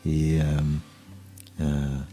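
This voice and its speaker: A man giving a spiritual talk, telling a parable slowly and gently with many pauses. His voice is very deep and a little husky, with faint music playing behind. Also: monotone. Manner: unhurried, gentle, with pauses and fillers. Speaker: spiritual teacher.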